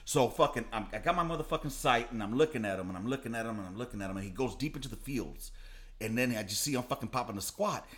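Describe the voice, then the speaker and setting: Animated and quick, with a mid-range, fairly bright voice, this podcast co-host from Los Angeles, California, trades crude stories. He is a profane, swaggering storyteller who laughs throughout the casual conversation.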